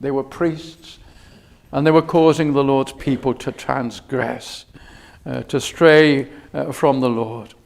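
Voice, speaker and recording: A man preaching a sermon in a chapel, measured and unhurried, often hesitating with fillers and restarts. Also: medium pitch, fairly even intonation, gravelly.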